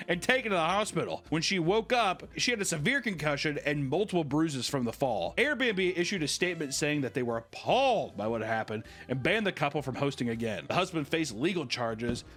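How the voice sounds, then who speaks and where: A man's voice: a little high, expressive, fairly quick, few pauses, a bit bright. A man hosting a casual commentary show, reading a story aloud and joking and laughing between lines. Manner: joking, laughs often, reads then riffs. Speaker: commentary host.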